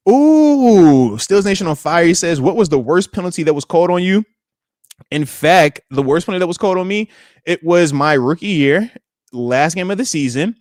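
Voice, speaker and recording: A man in his late thirties hosts a live podcast, chatting to viewers in a lively, back-and-forth way. His voice sits a little high for a man. The recording is close and dry. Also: no room sound. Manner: animated, repeats tag questions, talks to the chat. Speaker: podcast host, retired football player.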